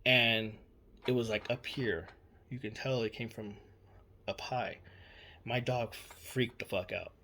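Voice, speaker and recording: A man's voice: mid-range voice, slow, long pauses, sharp tone, a little hiss or hum. Rambling young man telling a story. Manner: rambling, repeats himself, many fillers and swearing. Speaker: storyteller recounting a personal experience. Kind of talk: casual spoken account.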